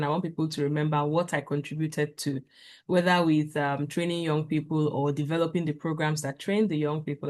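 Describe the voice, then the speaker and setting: A woman talks earnestly on a video call. She gives practical, step-by-step advice, pausing often with fillers as she gathers her thoughts. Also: sits low, darkish tone. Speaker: guest speaker. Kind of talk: casual talk on a video call.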